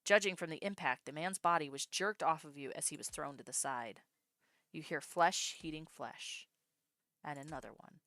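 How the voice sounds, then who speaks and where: A woman streamer reading a story game aloud, breaking off into excitable, swearing reactions. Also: deep voice, normal speed, no room sound.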